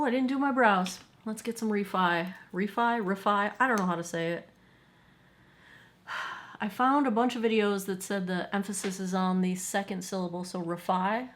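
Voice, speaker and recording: A woman in her forties chats her way through a get-ready-with-me makeup routine at home. She is candid and self-deprecating and laughs off her own slips. Her voice sits at an ordinary middle pitch. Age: 40s. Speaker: beauty vlogger.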